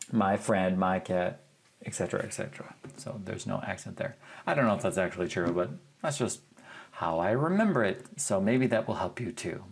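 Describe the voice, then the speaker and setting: A man teaching a language lesson over a screen share, talking in a relaxed, chatty way and thinking aloud with fillers as he goes. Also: fairly low pitch, creaky. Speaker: Spanish teacher.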